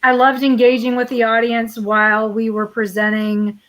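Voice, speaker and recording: A woman's voice: fairly high pitch, completely flat delivery, moderate pace, fairly bright tone, poor audio. A woman from Texas, a guest on a live conference interview over a video call, upbeat and talking with frequent "you know" fillers. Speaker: conference guest, regional association president.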